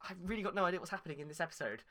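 A woman improvising a comic story, making dry, deadpan asides. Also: lowish voice, very fast.

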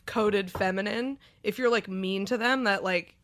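A woman's voice: mid-range voice, measured pace, a bit bright. A young woman co-hosting a comedy podcast, chatting casually, giggling often and filling her talk with "like". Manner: giggly, chatty, lots of "like" fillers. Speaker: podcast co-host.

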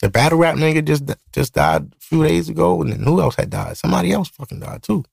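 A fairly high-pitched, sing-song voice with vocal fry comes quickly from this Brooklyn-born podcast host in his thirties; it's also a little mellow and husky. He talks casually and profanely, rambling through stories. The studio mic captures clean, studio-quality sound with no echo.

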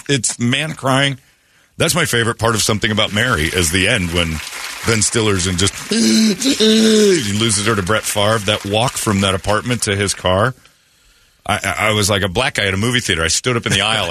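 A man hosting a morning radio show, telling stories in animated, joking banter with his co-hosts. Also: fairly low pitch. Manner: animated storytelling, frequent laughter. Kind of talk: casual banter.

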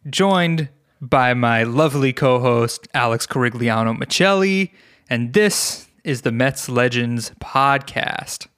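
A man imitating a laid-back male podcast host, giving a slow, mock-formal sign-on. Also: mid-range voice, a bit bright, smooth, dry recording, studio quality.

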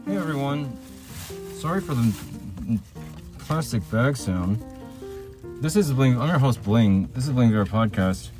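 A man's voice: mid-range voice, lively intonation, measured pace, long pauses, music in the background. An older man hosting his own podcast from a makeshift vocal booth, talking in a loose, rambling way, jumping between topics and chuckling often. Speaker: podcast host. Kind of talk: casual rambling podcast monologue.

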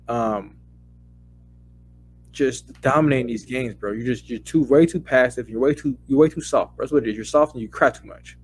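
A man co-hosting a casual sports podcast, heated and profane, his voice climbing into loud rants. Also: mid-range voice. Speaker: podcast co-host.

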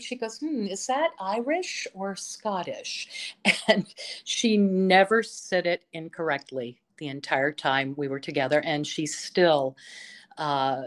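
A woman who teaches voice, chatting as an interview guest and telling stories with enthusiasm, often pausing on fillers. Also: deep voice. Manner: enthusiastic storytelling, full of fillers. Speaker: vocal instructor, interview guest. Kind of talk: casual interview chat.

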